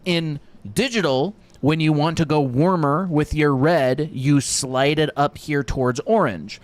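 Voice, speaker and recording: A man teaching art on a casual live stream, relaxed and chatty, with fillers and asides to his viewers. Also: fairly high pitch, measured pace. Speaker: art instructor.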